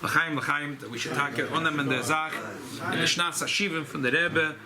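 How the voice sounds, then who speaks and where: A rabbi, speaking informally at a farbrengen gathering, often repeating and restarting phrases. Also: male voice, fairly high pitch, fairly even intonation, moderate pace, crowd noise, low-quality recording. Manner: repetitive, restarts phrases, mixes Yiddish and Hebrew terms. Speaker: rabbi giving a farbrengen talk. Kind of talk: informal Chassidic talk at a gathering.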